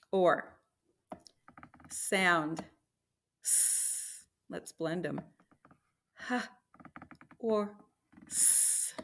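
Woman, teacher, phonics lesson, sounds out each letter, warm praise, very unhurried. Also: medium pitch, a little hiss or hum. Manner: encouraging, slow and deliberate, sounding out letters. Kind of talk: slow phonics lesson for young children.

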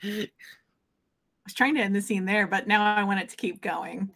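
A woman hosting a tabletop game, playful and quick to laugh. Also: medium pitch, steady tone, fairly bright tone, a little hiss or hum. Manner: giggly, playful. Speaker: game host. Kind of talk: casual tabletop game chat.

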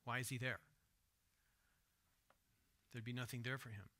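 A man preaching a sermon in church, swinging between hushed, soft retelling and loud, emphatic asides, and asking his listeners direct questions. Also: mid-range voice, fairly even intonation, unhurried. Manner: asks the congregation direct questions. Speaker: pastor. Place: church sanctuary.

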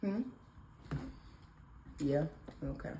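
Recorded on a phone in an echoey room with faint background noise, a mother who hosts a vlog chats casually with her son at home one morning. Her low, mellow voice draws out words as she teases him in a playful, sing-song way.

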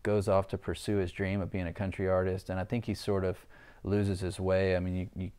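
A man's voice: low-pitched, little pitch movement, fairly quick, darkish tone, clean tone. A man, an actor being interviewed, talking thoughtfully and rambling with restarts. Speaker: actor guest. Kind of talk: interview answer.

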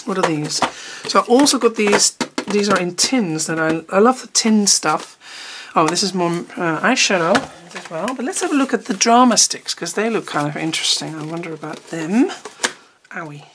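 A woman's voice: lowish voice, expressive, moderate pace. A woman chatting casually while unboxing art supplies, rambling and often trailing off mid-sentence. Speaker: art teacher. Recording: noticeable background noise.

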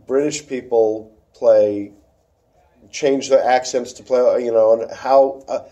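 A man in casual conversation about theatre, musing aloud, trailing off and restarting, then getting animated to make a point. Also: medium pitch, slow pace, dull audio.

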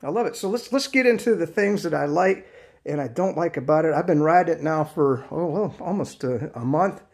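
Rambling higher-voiced man in his fifties. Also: a little fast, gravelly, darkish tone. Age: 50s. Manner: rambling, chatty, many fillers and restarts; blunt, mild swearing. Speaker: product reviewer. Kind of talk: casual video review.

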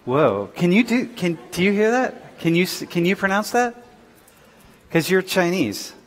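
A man teaching a class in a large lecture hall, joking and teasing his students in loud, casual banter. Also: high-pitched, very animated, unhurried. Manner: playful, loud, laughing and prodding students.

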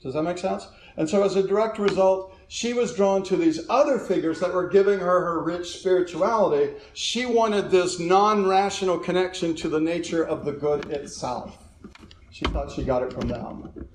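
A man's voice: sits high, normal speed. A man giving a lecture in an auditorium, telling anecdotes and chuckling at his own stories. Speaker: guest lecturer. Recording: echoey auditorium with faint noise.

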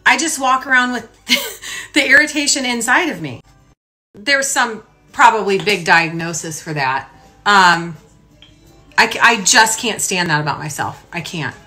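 Bright-voiced chatty woman blogger. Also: medium pitch, unhurried, soft background music. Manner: rambling, self-mocking, animated storytelling with mock-voiced asides. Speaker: lifestyle blogger. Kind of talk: casual chatty vlog to followers.

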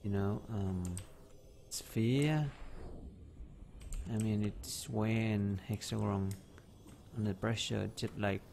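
A man's voice: fairly low pitch, slow pace, creaky, long pauses, a little mellow, a little hiss or hum. A man giving live game commentary, talking to himself, exclaiming and joking in broken English. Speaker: gameplay streamer. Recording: faint keyboard typing in background.

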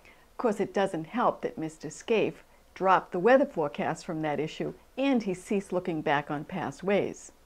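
A woman from the almanac staff, explaining its history in a measured documentary interview. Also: lowish voice, expressive.

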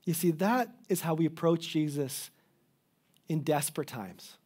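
A middle-aged man preaches a sermon with earnest, pleading emphasis, sometimes breaking off and restarting a phrase. His voice sits a little high but sounds mellow and warm. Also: a little slow, slightly rough. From Canada. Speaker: pastor.

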